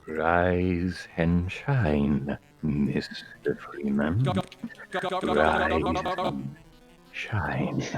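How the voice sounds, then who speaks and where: A man's voice: low-pitched, exaggerated voice. A man putting on a cryptic, drawling suited stranger. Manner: drawling, oddly stressed phrasing. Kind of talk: voice impression.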